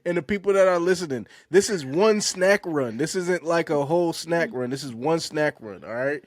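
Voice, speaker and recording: A man's voice: fairly high pitch, normal speed, dry recording, studio quality. A man hosting a casual panel podcast, laid-back and slangy, often laughing while he introduces clips. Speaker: podcast host.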